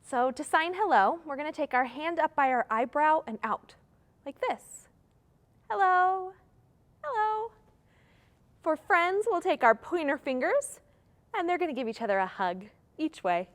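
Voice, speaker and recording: A woman's voice: high voice, lively intonation, normal speed. A young woman leading a live children's story time, talking in a singsong, encouraging way to young children.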